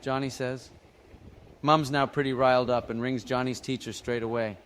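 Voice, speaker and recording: A man's voice: mid-range voice, little pitch movement, moderate pace, a little hiss or hum. A man narrating jokes in a scripted, slang-filled storytelling style. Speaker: joke narrator.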